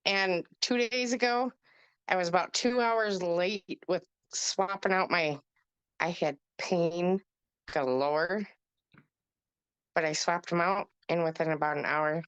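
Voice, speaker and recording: A woman tells her story over a video call in a plainspoken, wry manner. She talks very slowly, with a smooth, clear voice that sits on the low side. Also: fairly bright tone, low-quality recording.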